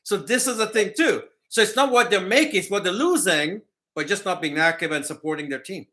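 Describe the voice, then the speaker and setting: Bright-voiced man hosting a chat. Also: high voice, animated, fairly quick. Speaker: host. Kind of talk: casual chat.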